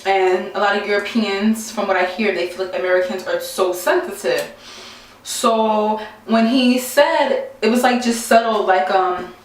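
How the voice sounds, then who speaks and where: A young woman tells a story casually to her camera, animated and exasperated, acting out what people said. Her voice sits at a middle pitch. The room is very echoey and the mic is well away from her. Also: a little slow, recorded from a distance. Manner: animated, exasperated, acts out quotes. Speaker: vlogger.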